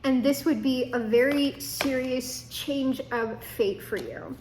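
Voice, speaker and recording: Young woman, high voice, chatty tarot reader who swears freely, faint room hum behind her. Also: fairly even intonation, takes it slowly, darkish tone. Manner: chatty, swearing, laughing asides. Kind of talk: casual tarot reading to camera.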